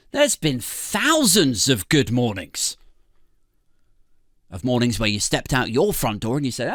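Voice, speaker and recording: Animated British man ranting sarcastically. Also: unhurried, pauses often, no echo, studio quality. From Britain. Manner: sarcastic, swearing, laughing often, swooping pitch. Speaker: podcast co-host. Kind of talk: comedic podcast rant.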